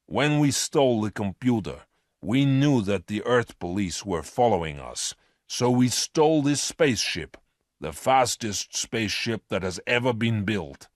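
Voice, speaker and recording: Man playing a harsh space criminal boss, storybook voice, lowish, slow, lively pitch. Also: no echo, clean studio sound. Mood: explaining. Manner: hard, scheming. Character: ruthless male space criminal leader. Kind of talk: storybook reading.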